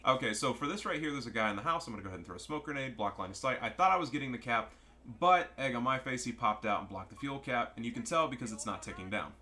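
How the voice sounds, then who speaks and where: A man's voice: medium pitch, expressive, quick pace, bright, forceful tone. A man giving casual, joking and profane commentary over a strategy game match. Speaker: gameplay commentator.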